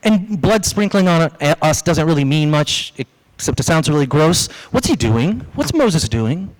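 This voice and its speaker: A man preaching a sermon as pastor, lively, acting out the voices he quotes. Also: a little high, normal speed, low-quality recording. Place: church.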